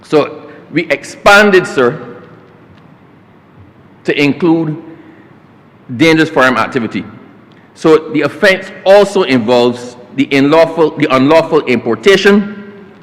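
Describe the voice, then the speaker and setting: A man's voice: fairly high pitch, expressive, takes it slowly, pauses often. Barbadian man addressing parliament. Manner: formal, keeps addressing the chair as sir, folksy storytelling asides. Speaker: government minister. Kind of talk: parliamentary speech. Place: parliament chamber. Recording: long reverb of a parliament chamber.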